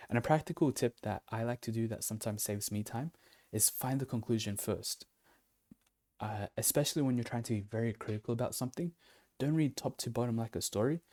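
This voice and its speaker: Mellow-voiced man teaching casually. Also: mid-range voice. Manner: loose and conversational, with fillers and self-corrections. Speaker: online teacher. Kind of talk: casual explanatory lesson.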